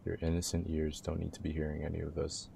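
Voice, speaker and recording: A man's voice: extremely low pitch, monotone, fast, creaky, dark tone, a little hiss or hum. A young man casually chatting with his livestream viewers in a laid-back, slangy way. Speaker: live streamer.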